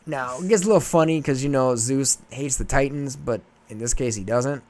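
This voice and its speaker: A man hosting a podcast, retelling a myth in rambling, animated casual chat. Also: medium pitch, moderate pace. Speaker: podcast host.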